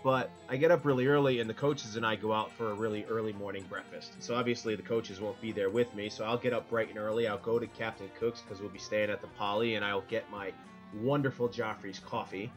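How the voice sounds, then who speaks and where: A man's voice: fairly low pitch, fairly even intonation, fast talker, music in the background, poor audio. Rambling, jokey middle-aged man. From Connecticut, US. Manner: rambling, jokey, self-interrupting. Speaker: podcast co-host. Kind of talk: casual roundtable chat.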